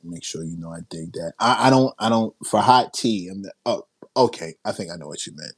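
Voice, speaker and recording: A man from Queens hosting a casual livestream, reading out viewer chats, his voice strained after a long night of yelling. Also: low voice, animated, fairly quick. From South Jamaica, Queens, New York. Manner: reading and answering viewer chat, with self-interrupting restarts. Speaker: livestream host.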